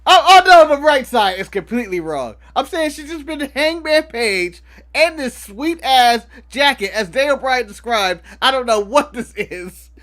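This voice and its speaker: An American man co-hosts a casual podcast in a high, bright voice. He jokes around and laughs a lot, keeping the talk animated. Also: a little slow. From United States. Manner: joking, animated, laughing often. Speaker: podcast co-host. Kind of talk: casual chat.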